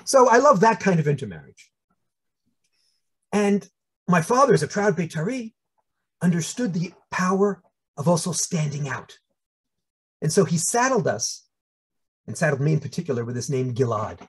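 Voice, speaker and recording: A man in his sixties with a New York accent, telling funny personal stories in a lively talk. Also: a little high, normal speed, long pauses, slightly rough. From United States. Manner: animated, humorous storytelling with voiced asides. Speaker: speaker. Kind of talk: storytelling talk.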